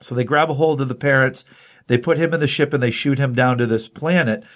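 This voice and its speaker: A male podcast host retells a comic book's plot in a casual, animated way. His voice sits at a middle pitch, and he is chatting with a co-host. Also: a little fast. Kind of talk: casual comic book review chat.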